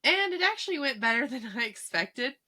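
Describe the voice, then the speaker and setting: A woman's voice: high voice, sing-song, fairly quick, pushed and bright. A woman co-hosting a podcast, telling a story in casual, chatty conversation with frequent giggles. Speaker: podcast co-host. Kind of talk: casual chat.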